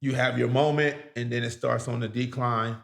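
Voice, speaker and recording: Male host, gravelly mid-pitched voice, easygoing and halting. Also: steady tone, reverberant. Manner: laid-back, halting with fillers. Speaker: podcast host. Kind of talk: casual interview.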